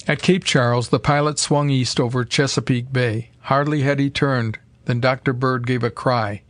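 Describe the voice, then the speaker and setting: A man reads a pulp adventure story in a steady, measured way. His voice sits at an ordinary middle pitch and sounds close and dry, with no room around it. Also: dry recording. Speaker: audiobook narrator. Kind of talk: scripted narration.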